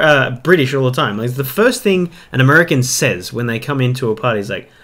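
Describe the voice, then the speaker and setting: A man's voice: medium pitch, fairly quick, hardly any pauses. A man with an Australian accent chatting and swearing casually while streaming a tank game. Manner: swearing, animated banter. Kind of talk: casual live-stream chat.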